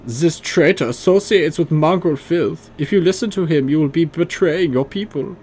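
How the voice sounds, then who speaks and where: A man's voice: fairly high pitch, normal speed, a little mellow, a little hiss or hum, pitched above the performer's own voice, lightly acted. A man voicing a sneering, arrogant male extremist leader with a put-on German accent and a foppish, mocking manner. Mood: commanding.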